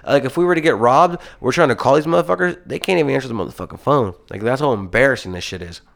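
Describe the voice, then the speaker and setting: A man's voice: mid-range voice, quick pace, gravelly. A young man co-hosting a casual podcast, telling a heated rambling story full of swearing. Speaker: podcast co-host.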